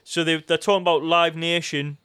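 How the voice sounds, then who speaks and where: A man with a Geordie accent chats casually as a podcast co-host, rambling through sweary, joking banter. His voice sits a little high and comes across smooth and clear. The sound is dry and close, with no room around it. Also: little pitch movement, fairly quick, pushed and bright, no room sound. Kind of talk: casual chat.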